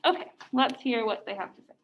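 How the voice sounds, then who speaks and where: A woman's voice: fairly high pitch, lively intonation, fairly quick, background noise. A woman teacher explaining a text to her class in a casual lecture, often saying "like". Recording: echoey room, distant mic, muffled.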